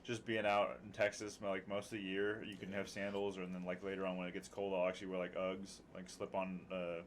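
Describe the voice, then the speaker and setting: A man with a very deep voice chats in a laid-back way and swears now and then. A faint background noise hums under the recording. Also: monotone, fairly quick. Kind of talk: casual chat.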